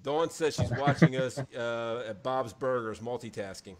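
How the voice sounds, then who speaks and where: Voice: medium pitch, normal speed, darkish tone. A co-host chatting loosely on a live online show, laughing often and reading out viewer comments.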